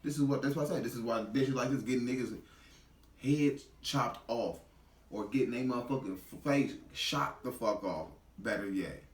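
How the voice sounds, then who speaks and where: A man's voice: mid-range voice, moderate pace, roomy sound, distant mic. A man giving a heated, profane reaction commentary in blunt street slang.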